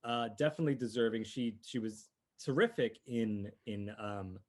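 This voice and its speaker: Man, podcast co-host, casual movie chat, rambling, eager, mid-pitched voice. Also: normal speed. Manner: rambling, restarts often, enthusiastic.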